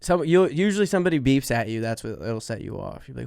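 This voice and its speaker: A man's voice: mid-range voice, expressive, fast, vocal fry, hardly any pauses, a little mellow, dry recording, clean studio sound. A man co-hosting a podcast in casual chat, hesitant and agreeable, with lots of fillers. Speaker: podcast co-host.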